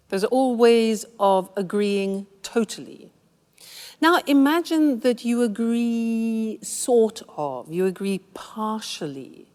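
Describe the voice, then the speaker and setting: A woman teaching English phrases in a clear, measured, explanatory way. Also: a little high, lively intonation, a little mellow, long reverb tail. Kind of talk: scripted language lesson.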